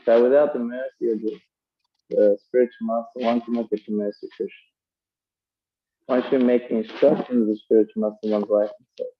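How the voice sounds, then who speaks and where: A man's voice: mid-range voice, steady tone, fairly quick, lo-fi sound. A man giving a conversational sermon, telling stories and using fillers as he explains scripture. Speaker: preacher.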